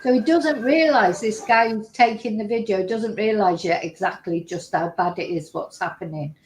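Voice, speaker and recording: A woman's voice: mid-range voice, normal speed, echoey room, a little hiss or hum, low-quality recording. A woman, chatting casually as she talks through video clips and translates what is said in them. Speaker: host reacting to videos.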